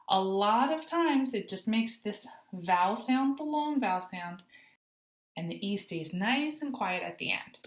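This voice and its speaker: Slow, patient teacher woman, roomy echo. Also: mid-range voice. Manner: slow, clear modeling of sounds for kids to echo. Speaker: kindergarten teacher. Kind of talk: recorded phonics lesson for children.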